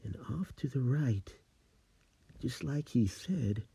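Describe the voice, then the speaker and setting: A man telling a creepy rhyming tale, slow and dramatic. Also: medium pitch, lively intonation, creaky, warm tone, slightly rough, dry recording. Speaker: storyteller. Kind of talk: spooky storytelling.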